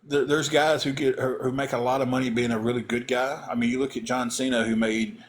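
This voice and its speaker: A man's voice: medium pitch, level tone, brisk. A man, a former pro wrestler, casually telling a story on a live stream, acting out the voices of the people in it.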